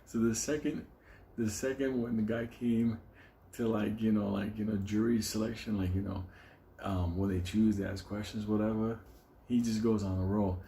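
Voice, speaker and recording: A man's voice: fairly low pitch, level tone, normal speed, creaky, warm tone, a little hiss or hum. Man telling a profane, rambling anecdote. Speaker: storyteller. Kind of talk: casual anecdote.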